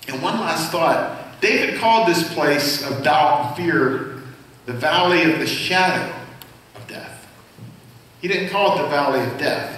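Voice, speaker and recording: A senior pastor in a church sanctuary speaks unhurriedly in a slightly high, fairly bright voice, keeping his sermon conversational and putting questions to the congregation. The hall is very echoey and he sounds far from the mic.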